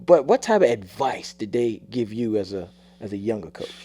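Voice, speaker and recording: A man hosts a podcast with a somewhat low, mellow voice. He keeps things relaxed, prompting his guest with short questions and teasing asides. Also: normal speed, slightly rough. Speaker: podcast host. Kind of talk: casual interview chat.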